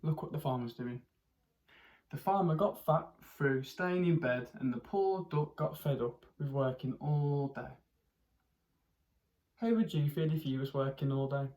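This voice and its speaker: A primary school teacher reads a picture book aloud to children in a medium-pitched voice. She stops now and then to ask the young listeners questions, and brings the story to life with expressive character voices and animal noises.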